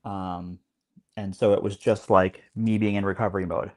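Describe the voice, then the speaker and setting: A man's voice: sits low, level tone, moderate pace. A man chatting casually as a podcast co-host, dropping wry quips. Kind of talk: casual chat.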